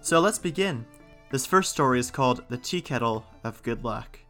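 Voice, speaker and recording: A man reads an old folktale aloud at an easy, unhurried pace. His voice sits in a middling register, and he gives the characters only light voices. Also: mid-range voice, expressive, bright, forceful tone, soft background music. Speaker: storyteller.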